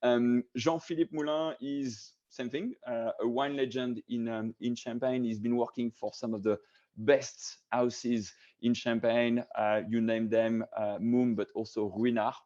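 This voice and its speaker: A man's voice: mid-range voice, fairly even intonation, a little slow, a little mellow. Guy hosting a wine tasting over video call, lots of uhs and ums, muffled lo-fi sound. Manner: hesitant, many fillers and restarts. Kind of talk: casual hosted tasting talk. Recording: dull lo-fi video call audio.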